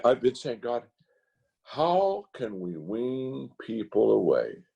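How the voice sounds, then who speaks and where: Animated older man, husky preacher's voice. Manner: animated, rising to high emphatic rants. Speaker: pastor speaker. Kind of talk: roundtable talk, preacherly storytelling. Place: video call.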